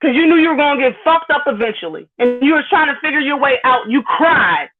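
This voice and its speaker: A woman's voice: high voice, animated, a little fast, over music. A woman hosting a live stream, ranting bluntly and profanely while greeting viewers in the chat. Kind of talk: heated live-stream rant. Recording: phone-like lo-fi audio.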